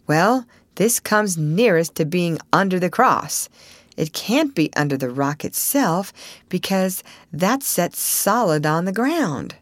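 A woman's voice: on the low side, lively intonation, slow, no room sound. A woman voicing a bold, scheming boy who leads adventures, speaking in an eager folksy dialect. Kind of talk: audiobook character reading.

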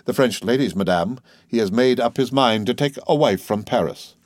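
A man voicing a composed, worldly nobleman who speaks in a measured, assured, faintly ironic way. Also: medium pitch, a little mellow, no room sound, natural voice. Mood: urbane.

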